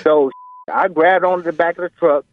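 A man guest telling animated, rambling stories in a casual interview, calling in by phone. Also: a little high, a little fast. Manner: animated, rambling, full of fillers. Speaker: guest, professional boxer. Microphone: phone call. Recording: tinny phone line.

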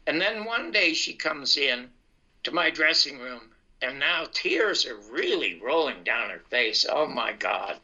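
Older male storyteller, very bright and fairly high voice, lo-fi sound. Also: normal speed, creaky. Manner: animated anecdotal, acts out dialogue. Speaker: comedian telling his life story. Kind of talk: casual storytelling. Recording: dull lo-fi sound.

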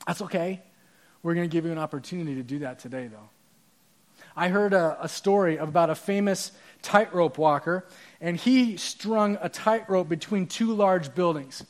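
A man's voice: high-pitched, moderate pace. A man preaching a sermon as pastor, conversational and using props and asides to the audience.

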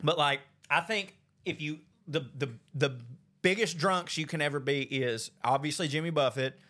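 A man hosting a podcast, telling a story in a casual, animated way and acting out what people said. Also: normal speed. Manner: animated storyteller, acts out quotes with big pitch jumps. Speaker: podcast host.

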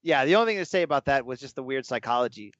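A man co-hosting a casual chat, talking with animated emphasis and throwing out rhetorical questions. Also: medium pitch, rapid-fire, no echo. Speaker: podcast co-host. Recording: dull, lo-fi dry recording.

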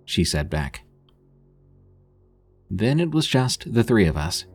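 A man narrating a scripted horror story in a husky voice, lifting his voice for the characters' lines. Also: sits low, big pitch swings, unhurried, pauses often, a little mellow, faint music behind.

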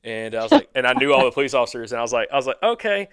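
Rambling hunter man, smooth voice. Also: medium pitch, level tone, racing. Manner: rambling, many fillers and restarts. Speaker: podcast co-host. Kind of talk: casual storytelling chat.

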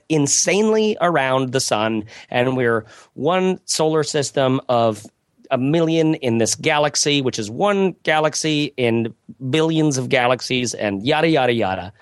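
A man's voice: mid-range voice, no echo, clean studio sound. A man speaking as a podcast guest in casual conversation, rambling and reflective with many restarts and asides.

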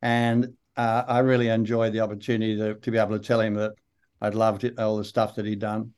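An older Australian man with a broad accent, a guest actor telling unhurried, rambling stories in an interview. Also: fairly low pitch, level tone, a little mellow, smooth. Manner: unhurried, rambling storyteller with many fillers. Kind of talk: relaxed interview anecdotes.

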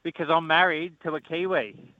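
Blunt caller on a dull line. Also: male voice, fairly high pitch, fairly even intonation, moderate pace, no echo. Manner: blunt, needling, talks over the host. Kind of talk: heated talkback argument. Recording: dull dry phone-in line.

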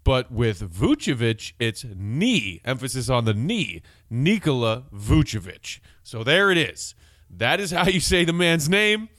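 Excitable man on a sports podcast. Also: medium pitch, unhurried, no room sound. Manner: casual and chatty, excitable, reads listener texts aloud. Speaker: podcast host. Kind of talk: solo sports podcast chat.

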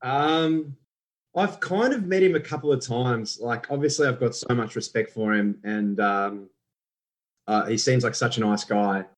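A man's voice: medium pitch, unhurried. Chatty man telling a story. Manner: animated, chatty, many fillers. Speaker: impressionist guest. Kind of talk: casual podcast storytelling.

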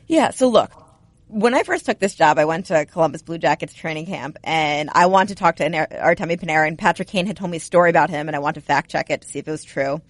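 A woman co-hosting a hockey podcast, chatting casually and telling stories with lively energy. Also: deep voice, fast talker, dry recording. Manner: chatty, animated storyteller. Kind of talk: casual sports chat.

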